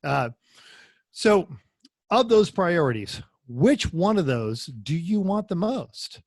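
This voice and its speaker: A man's voice: sits high, sing-song, slow pace, no echo, studio quality. A man co-hosting a casual racing podcast, rambling and jokey, often repeating words. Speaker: podcast co-host. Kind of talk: casual chat.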